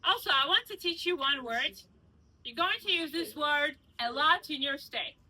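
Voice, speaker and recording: A woman from Georgia leads a walking tour outdoors, her voice high and sharply bright. She is a native Georgian speaker who explains things playfully, teasing her group with examples. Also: lively intonation, moderate pace, low-quality recording. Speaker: tour guide. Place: outdoors in old city streets.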